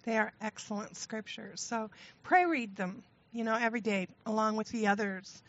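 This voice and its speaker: A woman's voice: fairly high pitch, moderate pace, fairly bright tone. Female church seminar co-leader, conversational with fillers, lo-fi recording. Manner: chatty, with laughs and filler words. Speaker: co-leader of a marriage workshop. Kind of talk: leading a church couples seminar. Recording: dull lo-fi sound.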